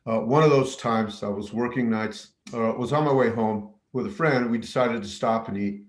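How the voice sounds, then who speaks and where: A man's voice: medium pitch, moderate pace, roomy sound. A man, a middle school teacher from New Mexico, telling a personal story with many fillers and restarts. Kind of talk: personal story told to camera.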